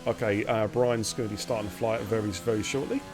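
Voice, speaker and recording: A man's voice: fairly low pitch, fairly even intonation, fast. A man hosting and calling a live sim racing stream, chatty and teasing, greeting viewers by name. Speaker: lead commentator and host.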